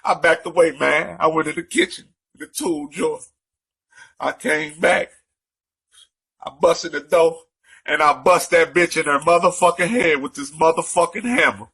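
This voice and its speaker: A man ranting in a breathless, profane stream, circling back over the same words again and again. His voice sits a little high and sounds bright and strained. There is a husky rasp to it. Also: moderate pace. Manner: profane, repetitive, escalating to shouting. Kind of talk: angry recorded rant.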